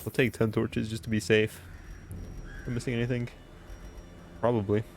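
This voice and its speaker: A man's voice: on the low side, level tone, normal speed, a little hiss or hum. A man streaming a video game, joking and rambling in casual commentary and laughing often.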